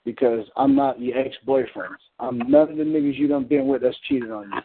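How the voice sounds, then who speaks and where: A man's voice: mid-range voice, brisk, slight background noise. A man on a community call, telling a story in a blunt, heated, profane way. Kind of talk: casual storytelling. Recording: phone-like call audio.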